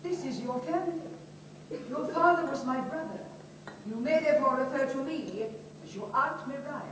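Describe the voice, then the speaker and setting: An actress playing a stern, haughty aristocratic aunt on a theatre stage. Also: female voice, sits high, normal speed, close to an everyday voice. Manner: haughty, clipped. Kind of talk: live stage musical dialogue. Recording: echoey theatre from far off, noisy.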